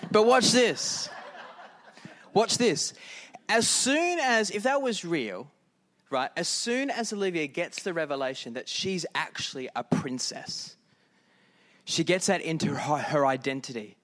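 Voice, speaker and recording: A man's voice: a little high, expressive, unhurried, fairly bright tone. A middle-aged man preaching a conversational sermon as pastor and leading prayer.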